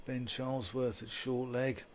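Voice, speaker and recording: A man's voice: mid-range voice, a little slow, slight background noise. A man giving live ball-by-ball radio commentary on a cricket match. He calls the play and lifts his voice when a big shot comes. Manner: lively play-by-play, rising with big shots.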